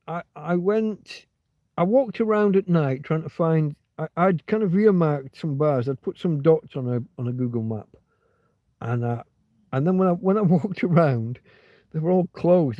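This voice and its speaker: A man's voice: on the high side, dry recording. A man hosting a casual livestream, rambling and digressing as he chats. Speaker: livestream host. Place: outdoors in a field. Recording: dull lo-fi dry sound.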